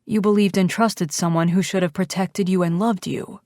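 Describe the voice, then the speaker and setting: A woman voicing a protective male biker who speaks steadily and gently. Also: fairly low pitch, normal speed, dry recording, lightly acted. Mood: reassuring. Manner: calm, reassuring.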